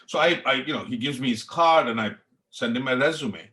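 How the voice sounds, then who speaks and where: Speaking a little fast with a bright, forceful tone, this middle-aged man from India tells his story as a podcast guest. He's a chef with an Indian accent, and his reflective interview talk comes across as earnest and passionate.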